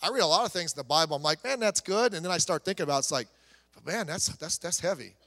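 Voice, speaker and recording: High-voiced man preaching in a reverberant church. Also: animated, fast. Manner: emphatic preaching that drops to soft storytelling. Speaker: pastor. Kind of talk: sermon.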